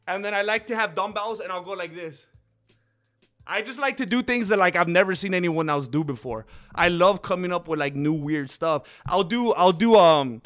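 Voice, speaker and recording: A man hosting a casual livestream, chatting in a rambling, excitable way and calling viewers dude and bro. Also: high voice. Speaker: streamer host.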